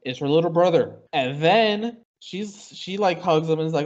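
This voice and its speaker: A man's voice: fairly high pitch, moderate pace, lo-fi sound. A man co-hosting a comics podcast, talking casually and rambling through a plot recap with lots of fillers. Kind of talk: casual chat.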